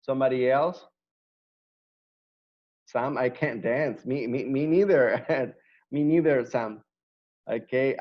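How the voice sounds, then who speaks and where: A man's voice: mid-range voice, highs cut off. A man teaching an online English class, patiently repeating words to drill pronunciation.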